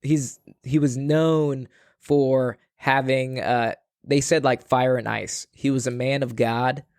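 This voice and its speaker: A man hosts a podcast in relaxed conversation, telling a long story with lots of fillers and restarts. His voice sits at a middle pitch and sounds dry and close, with no room around it. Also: slow, clear, resonant tone, dry recording. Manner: rambling, filler-heavy storytelling. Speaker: podcast host. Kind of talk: casual chat.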